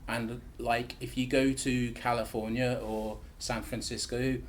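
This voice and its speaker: A man, a podcast guest answering questions in a relaxed, thoughtful way. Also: mid-range voice, a little slow, a little hiss or hum. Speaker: guest, tech conference founder. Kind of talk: casual podcast interview.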